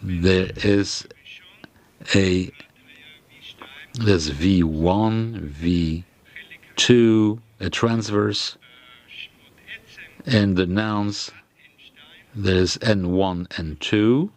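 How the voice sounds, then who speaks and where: Halting and slow, a man lectures on grammar with a low-sitting voice. He hesitates often, leaning on fillers and starting phrases over.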